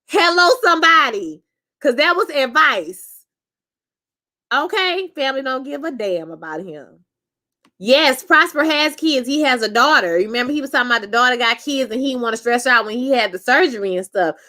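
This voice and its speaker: This woman hosts a live review chat. Her voice sits high and bright. She talks in animated, cussing bursts and acts out what the characters said in put-on voices. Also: moderate pace. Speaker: show reviewer.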